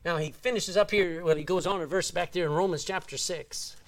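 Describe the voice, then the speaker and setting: A man's voice: high voice, a little fast. A man preaching a sermon, reading scripture aloud and asking the congregation "Amen?".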